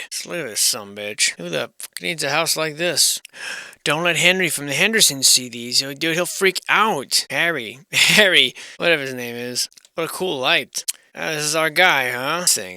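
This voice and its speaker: A man's voice: medium pitch, bright, forceful tone, no echo. A man giving casual, rambling commentary on old photographs of historic houses, sarcastic and irreverent, swearing freely and thinking aloud. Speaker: channel host.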